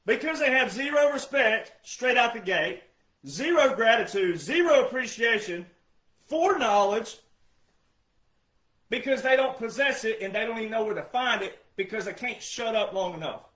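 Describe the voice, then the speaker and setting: A man with an unusually high, sharp voice delivers a heated monologue. He scolds his listeners, fires off rhetorical questions and often breaks into shouting. The sound bounces around an echoey room. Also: expressive, normal speed. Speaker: online commentator. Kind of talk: ranting monologue.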